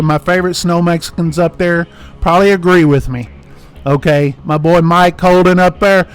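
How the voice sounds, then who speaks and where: An American man hosting his trucking channel, ranting with passion and hammering his points home by repeating them. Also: sits high. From United States. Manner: passionate, emphatic, repeats himself for stress. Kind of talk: ranting vlog monologue.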